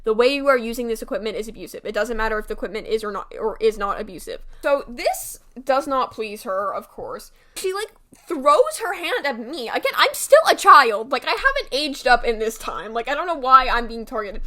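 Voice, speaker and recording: Animated young woman telling a horse story. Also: a little high, brisk. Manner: animated, swears freely, many fillers. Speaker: storytime vlogger. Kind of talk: casual storytelling.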